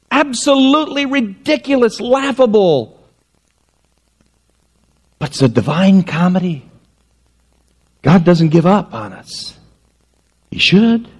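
A middle-aged male pastor preaching a sermon, telling stories in an animated way and acting out the voices. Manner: animated storytelling, acting out voices with wide pitch swings.

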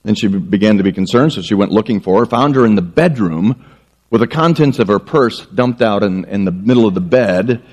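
A man's voice: fairly low pitch, a little fast. A male pastor preaching a sermon, telling stories and joking at his own expense before a congregation. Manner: animated storytelling with self-mocking jokes.

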